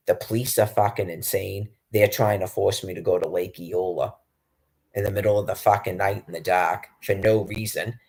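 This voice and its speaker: A man's voice: deep voice, creaky, darkish tone. A man in a rambling, agitated, profanity-laden monologue about being homeless, with frequent restarts. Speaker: public access show guest.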